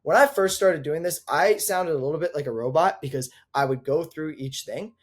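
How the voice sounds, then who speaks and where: A young man teaching sales calls in a casual, chatty way, full of fillers, acting out both sides of a call. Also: on the high side. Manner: casual, filler-heavy, quick asides, acts out calls. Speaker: sales coach.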